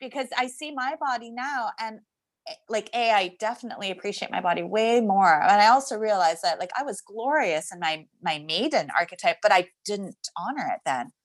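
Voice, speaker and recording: A woman's voice: mid-range voice, animated, fairly quick. Woman podcast guest, candid and reflective, conversational with frequent restarts.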